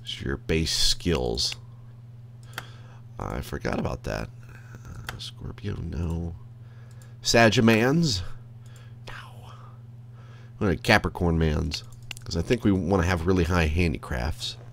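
A man's voice: deep voice, animated, takes it slowly, vocal fry, pauses often, slight background noise. A man streaming a game, rambling to himself in casual commentary and swearing freely from his desk. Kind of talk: casual live gameplay commentary. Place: at a desk by a computer.

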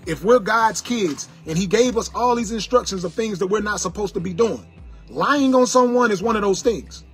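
Faint music plays behind a man whose high, slightly rough voice moves at a moderate pace. He is an internet personality ranting at his viewers, angrily repeating sermon-like warnings in a preachy monologue.

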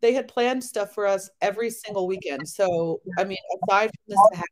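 A woman in her thirties, a podcast guest, telling travel stories in a chatty, animated way with lots of fillers. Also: medium pitch, normal speed, poor audio. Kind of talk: casual chat.

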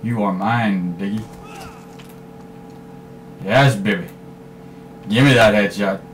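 A man giving live commentary over his own shooter gameplay, swearing freely and trash-talking in bursts of excitement. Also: fairly low pitch, takes it slowly, slight background noise. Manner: profane, excitable trash talk. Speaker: gaming commentator.

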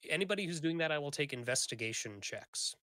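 A man's voice: on the high side, expressive, fast, bright, forceful tone, dry recording. A man narrating a tabletop game as game master, casual and loose, with many fillers.

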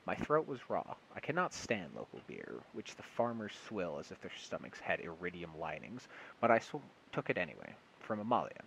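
A man's voice: low voice, huge pitch swings, normal speed, creaky, a bit bright, a little hiss or hum, rough recording. A man reading a short story aloud in a casual single take, often stumbling and correcting himself, with amused asides. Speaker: audiobook reader.

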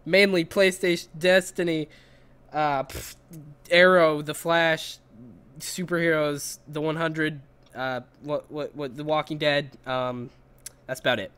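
A man's voice: on the high side, flat delivery, measured pace, fairly bright tone, smooth. A young man hosting a casual podcast, rambling and giggling at himself as he talks. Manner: giggly, rambling, self-mocking. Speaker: podcast host.

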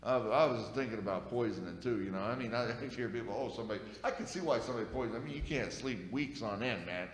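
A male pastor delivers a sermon in a homespun, conversational manner, sprinkling amens between his points. His middle-pitched voice carries a long reverb through a church sanctuary. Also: quick pace, hardly any pauses. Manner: folksy, conversational preaching with frequent amens. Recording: echoey church hall.

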